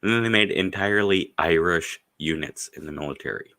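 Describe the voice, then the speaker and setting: A man's voice: sits low, a little fast, sharp tone. A man hosting a casual stream chat, telling rambling, profane stories and acting out the people in them. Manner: profane, storytelling, acts out quoted voices. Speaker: stream host.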